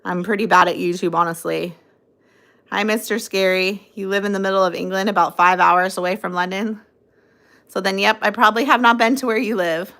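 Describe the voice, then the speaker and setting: A woman's voice: medium pitch, steady tone, a little fast, fairly bright tone. A young adult woman hosting a casual phone livestream, rambling, reading out viewer comments and cooing at her dog. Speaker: livestream host.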